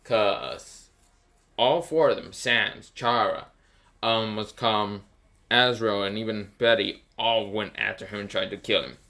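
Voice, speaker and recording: A man's voice: fairly low pitch, unhurried, pushed and bright. A man narrating an improvised fan story, rambling with lots of fillers and self-corrections.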